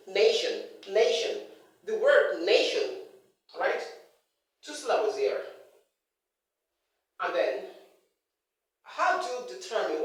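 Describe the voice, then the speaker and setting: A speaker giving a pronunciation lecture, emphatic and repeating words over and over to drill them. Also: mid-range voice. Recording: very echoey hall, voice far from the mic.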